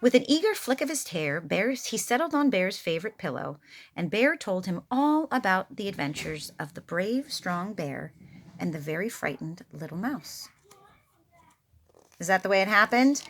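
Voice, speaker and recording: A woman reading a picture book aloud, expressive and playful with her own asides. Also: mid-range voice, measured pace, slight background noise. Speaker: storyteller.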